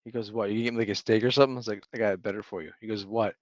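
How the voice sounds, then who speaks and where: A man co-hosting a casual podcast about parenting, telling animated stories and acting out his kids' lines. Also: on the low side, racing, no echo, muffled recording. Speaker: podcast co-host. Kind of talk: casual chat.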